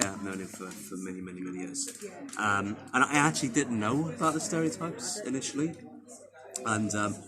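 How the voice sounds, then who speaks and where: Chatty Welsh guitarist over crowd noise. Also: male voice, fairly low pitch. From Wales. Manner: rambling, animated, chatty with restarts. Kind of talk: casual backstage interview. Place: backstage after a gig.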